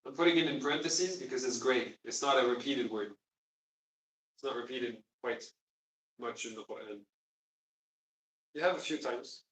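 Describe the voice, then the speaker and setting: Speaking at normal speed with long pauses, a man with a medium-pitched, slightly bright voice teaches a Quran class. He explains emphatically and quizzes his students, and the distant mic catches plenty of room echo.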